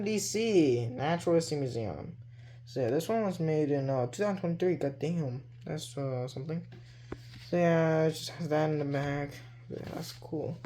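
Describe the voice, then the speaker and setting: Showing off his toys, a man rambles easily through a casual show-and-tell full of "like" and "you know." His voice is a little high with a darkish tone, and there's a faint hiss or hum.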